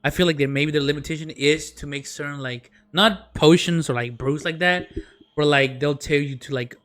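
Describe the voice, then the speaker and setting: A man's voice: a little high, moderate pace, a bit bright. A man hosting a podcast, telling a story in a rambling casual way, full of fillers and dropped-in Spanish words. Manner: drops in Spanish words and phrases. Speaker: podcast host.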